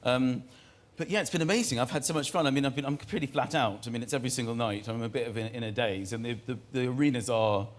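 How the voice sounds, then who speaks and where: A man, a comedian, chatting as a guest on a TV chat show, quick and a little rambling. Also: medium pitch. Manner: quick, self-deprecating, slightly rambling. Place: TV studio.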